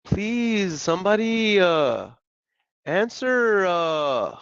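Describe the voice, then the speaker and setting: An excitable young man hosts a live stream in a slangy, upbeat way, with a slightly high voice. The sound is dry and close, a bit dull and lo-fi. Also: normal speed, no echo. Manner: excitable, slangy, laughs often. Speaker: live-stream host making real estate calls. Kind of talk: casual live-stream chat.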